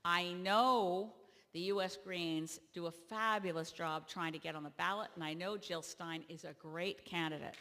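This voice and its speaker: A woman from Canada, a party leader, giving an animated convention keynote speech that rises to loud emphatic peaks. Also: on the low side, moderate pace. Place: large convention hall. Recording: long reverb of a large hall.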